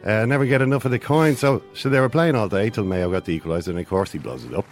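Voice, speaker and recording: Low-voiced man spinning a comic yarn. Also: fast, soft background music. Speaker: comic storyteller, show regular. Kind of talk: comic monologue.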